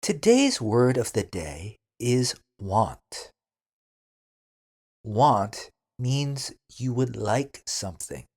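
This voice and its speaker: Guy teaching beginner english super slowly, husky voice, encouraging. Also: medium pitch, sing-song, a little mellow. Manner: encouraging, repeats drills for learners. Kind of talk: slow scripted beginner lesson.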